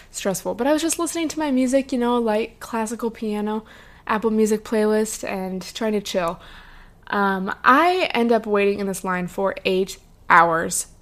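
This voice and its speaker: A young woman hosts her podcast and tells a travel story alone at the mic. She talks in a loose, chatty way, with many fillers and a few swear words, at a middle pitch. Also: fairly bright tone. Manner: chatty, lots of "like" and "um", swears freely. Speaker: podcast host. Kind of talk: casual storytelling monologue.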